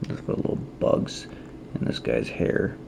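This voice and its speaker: Unhurried and set against background noise, a man who makes trading card art shows off his work in a casual, rambling show-and-tell, thinking aloud and criticizing his own choices.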